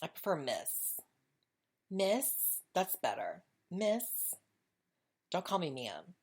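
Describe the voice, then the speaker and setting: A woman with a notably deep speaking voice hosts her own podcast. She talks on her own in a loose, chatty way, candid and unguarded, often circling back and repeating a phrase before moving on. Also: very animated, normal speed, slightly rough. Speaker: podcast host. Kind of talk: casual solo monologue.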